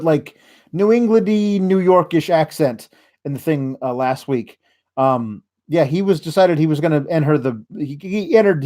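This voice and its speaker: A man's voice: mid-range voice, darkish tone. A man hosting a podcast, giving a sarcastic, rambling casual recap. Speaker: podcast host.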